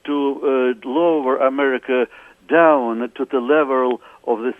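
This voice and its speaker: A man with a Russian accent, a documentary interview guest who speaks haltingly with many filler sounds and restarts. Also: mid-range voice, fairly even intonation, no room sound, narrow, tinny audio.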